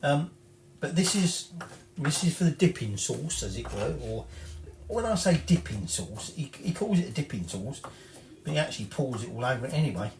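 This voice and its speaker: A home cook with a medium-pitched, sing-song, slightly mellow voice presents a recipe at a moderate pace, with slight background noise. He rambles chattily, corrects himself and swears in passing. Dishes clatter in the echoey home kitchen where he records.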